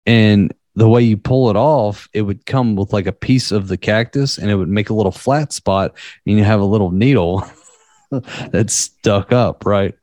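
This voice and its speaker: Low-voiced man chatting casually. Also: moderate pace, warm tone, no room sound. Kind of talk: casual storytelling chat.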